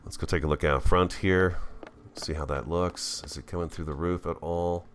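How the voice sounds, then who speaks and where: A man's voice: deep voice, fairly even intonation, normal speed, a little hiss or hum. A man giving casual, folksy commentary while building in a game, chatting to his viewers like friends. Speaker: let's-play host.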